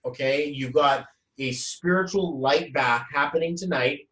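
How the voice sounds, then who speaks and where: A young man hosting a casual motivational live talk, energetic and rambling, often repeating words as he speaks at home. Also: fairly high pitch, measured pace. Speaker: host. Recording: roomy echo, voice from a distance.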